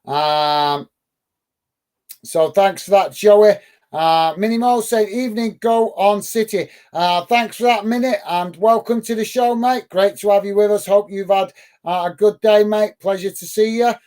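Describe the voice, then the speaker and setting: A man with a high voice hosts a live football watch-along from the UK. He talks through the play and chats with viewers, calling them mate. His speech is full of uh and um. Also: measured pace, a little mellow, clean tone. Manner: friendly, many "uh" fillers, calls viewers "mate". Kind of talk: live match commentary and chat reading.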